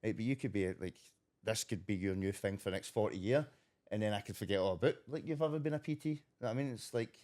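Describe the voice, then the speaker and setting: A man's voice: lowish voice, quick pace, darkish tone. A Scottish man co-hosting a podcast, blunt and swearing in casual chat. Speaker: podcast co-host.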